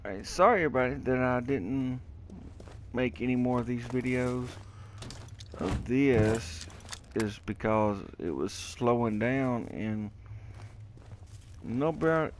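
In a medium-pitched, lively voice, the man plays unhurriedly and rambles through casual let's play commentary, talking to himself and easily getting confused. A little hiss or hum sits in the recording.

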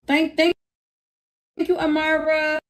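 A woman's voice: sits high, completely flat delivery, unhurried. A young woman hosting a livestream, swearing and scolding her viewers while begging them for gifts. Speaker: livestream host. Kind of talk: casual livestream talk.

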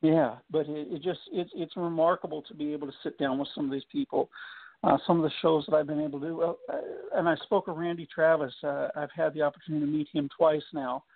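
Male guest, gravelly, halting with many restarts, on a thin phone line. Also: a little high, fairly even intonation, dry recording. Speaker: country singer guest. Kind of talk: radio phone interview.

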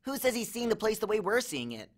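A man's voice: high voice, big pitch swings, fast talker, pitched above the performer's own voice. A man voicing an anxious young satyr boy in a storybook reading, speaking with nervous hesitation.

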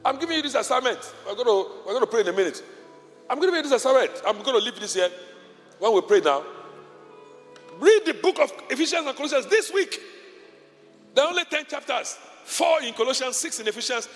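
With an extremely high-pitched voice, a man preaches a sermon in a big church auditorium, his intonation lively and his pace brisk. His impassioned delivery repeats short phrases, and the hall's long reverb mixes with faint music.

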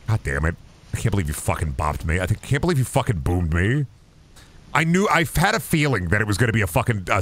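A man with a fairly low voice and a very lively, swinging pitch chats to his live-stream audience while he plays. He swears freely and rambles excitably. Faint background noise sits under the voice. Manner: profane, excitable, talks to chat. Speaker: game streamer. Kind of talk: casual live-stream commentary.

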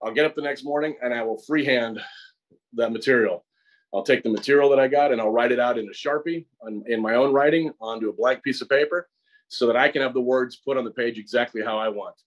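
A man's voice: mid-range voice, a little fast, poor audio. A middle-aged man with an American accent, a guest actor and acting teacher who explains his process at length in a conversational interview, often restarting and repeating words. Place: acting studio.

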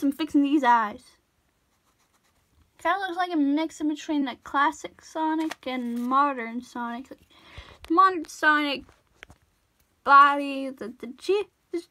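A woman with a high, pushed, bright voice talks casually as she works on a drawing for her tutorial vlog. Her chatter rambles off-topic, full of apologies and self-interruptions.

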